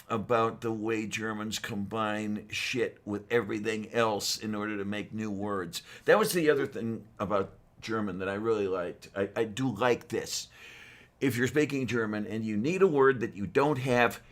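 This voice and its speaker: A man chatting casually as a co-host, slow and unhurried, with a bright, sharp edge to his voice. He rambles and hesitates, filling gaps with ums and uhs. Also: lowish voice. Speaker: podcast co-host. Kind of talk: casual chat.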